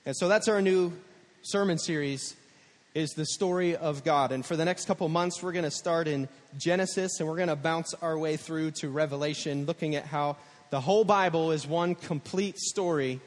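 A man's voice: fairly high pitch, normal speed, in a large hall. A man preaching a sermon as a pastor, telling stories casually and acting out the quotes. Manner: conversational storytelling, acts out quotes.

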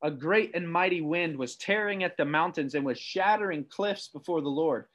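A man preaching a sermon to viewers, reading scripture aloud, slowing down on key phrases and posing questions to the listener. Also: on the high side, fairly bright tone. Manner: reads scripture aloud, slows down for emphasis, asks the listener questions. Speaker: pastor.

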